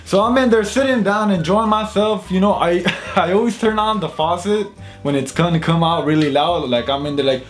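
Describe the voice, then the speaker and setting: A man with a high voice tells a comic personal story straight to his viewers. He is casual, animated and pokes fun at himself. Quiet music plays softly underneath. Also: fairly quick. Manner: animated, self-mocking storytelling. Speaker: YouTube channel host.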